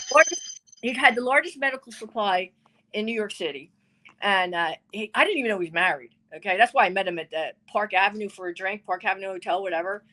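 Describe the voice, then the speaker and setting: A woman's voice: on the high side, bright, forceful tone. An older woman tells a long dating story in a chatty, casual way. She acts out the voices of the people she quotes, lifting and dropping her voice as she goes. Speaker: guest.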